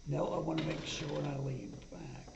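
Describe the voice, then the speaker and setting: A man's voice: a little high, steady tone, moderate pace, gravelly, background noise. A man co-hosting a reaction video, tired and recovering from illness, talking in a hesitant, rambling way. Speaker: co-host of a reaction channel. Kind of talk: casual chat. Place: home studio. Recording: roomy, distant and dull-sounding.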